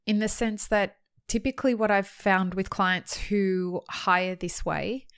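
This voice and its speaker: A woman's voice: medium pitch, steady tone, unhurried, clean tone, no echo, clean studio sound. A woman hosting a podcast, conversational and a little teasing as she asks questions. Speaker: podcast host. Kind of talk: podcast interview and sponsor reads.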